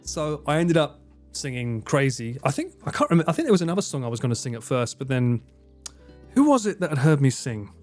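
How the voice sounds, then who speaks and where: A man's voice: on the high side, sing-song, brisk, darkish tone, faint music behind. A man from Essex with an Essex accent, chatting casually on a live stream, self-deprecating and thanking viewers by name. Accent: Essex English. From Essex, England. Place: home in Japan.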